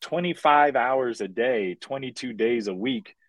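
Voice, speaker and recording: A man telling wild stories as a podcast guest, profane and animated, acting out the voices of the people in them. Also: medium pitch, unhurried, no room sound. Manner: profane, animated, acts out quoted dialogue. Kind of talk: casual chat, storytelling.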